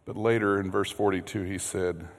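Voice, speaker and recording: A man preaching a sermon as pastor, earnest, repeating words, swinging from loud emphasis to hushed low passages. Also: flat delivery, normal speed. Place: church sanctuary. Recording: long hall reverb.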